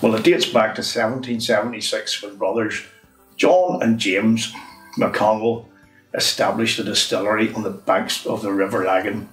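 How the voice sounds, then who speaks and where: A man reviewing a whisky in a chatty, unhurried way. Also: on the low side, a bit bright, distant mic. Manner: chatty, unhurried, says "wee" often. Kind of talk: casual review monologue. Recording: roomy, from off the mic, faint music.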